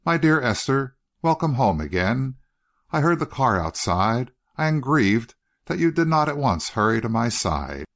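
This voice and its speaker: A man's voice: medium pitch, very animated, measured pace, a bit bright, pitched above the performer's own voice. A man voicing an elderly uncle who speaks in a purring, falsely tender way that hides menace.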